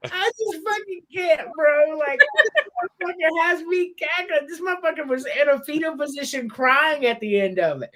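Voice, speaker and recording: A male podcast host chats casually, laughing and cursing as he tells stories. His pitch rises and falls all over the place. He sounds relaxed and playful. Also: normal speed. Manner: animated, laughing, profane storytelling.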